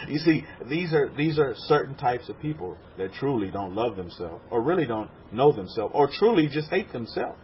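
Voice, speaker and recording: A man's voice: fairly high pitch, expressive, fairly quick, few pauses. A man from Texas, a rabbi preaching a sermon to a congregation in a room, repeating words and acting out quotes. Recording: dull lo-fi sermon recording with faint noise.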